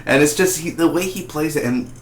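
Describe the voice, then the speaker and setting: A man's voice: on the high side, fairly quick, slight background noise. A man giving a casual, rambling spoken review of a TV episode, chatty and full of fillers and restarts. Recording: roomy echo.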